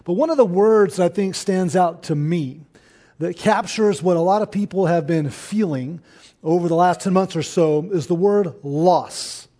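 A man preaching a sermon to his church, in an earnest, conversational way with pauses. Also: high voice, warm tone. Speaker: pastor.

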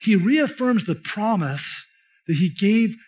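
High-voiced pastor preaching conversationally. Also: male voice, animated, slow pace, darkish tone. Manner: conversational, emphatic preaching that explains scripture. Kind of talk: sermon.

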